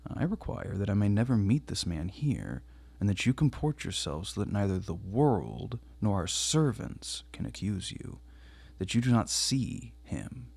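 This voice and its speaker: Cold, rigid middle-aged husband, voiced by a male audiobook reader; husky, low, formal and emphatic. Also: very animated, a little slow, a little mellow, no echo, full character voice. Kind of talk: audiobook character reading.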